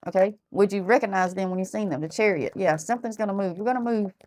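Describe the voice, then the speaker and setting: A woman's voice: medium pitch, fast talker, darkish tone. A woman giving a casual tarot reading who talks bluntly, thinks aloud and repeats herself. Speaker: tarot reader.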